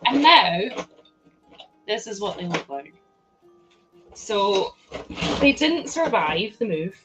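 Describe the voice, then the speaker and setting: A woman's voice: mid-range voice, slow pace, very noisy. A woman with a Scottish accent hosting a casual livestream, chatting bubbly with viewers and laughing often. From Scotland. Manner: bubbly, laughs often, greets chat excitedly. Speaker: livestream host. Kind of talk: casual livestream chat while building.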